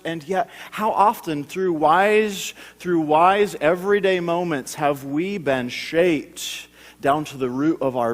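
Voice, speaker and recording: High-voiced man preaching in a hall. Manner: storytelling with frequent stammered restarts. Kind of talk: sermon.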